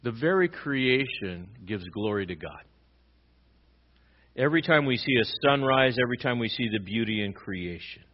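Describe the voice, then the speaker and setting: A man's voice: expressive, moderate pace, muffled recording. Pastor man preaching with dramatic swings. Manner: dramatic swings between loud emphatic lines and quiet low ones. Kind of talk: sermon.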